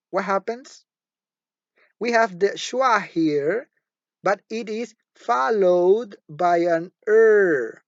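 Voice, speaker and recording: A male teacher walks through a recorded phonology lesson at a very unhurried pace, saying each example word two or three times over. His voice sits a little higher than most men's. The recording is dull and lo-fi, with a dry, close sound and no room echo. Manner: slow and deliberate, repeating example words several times.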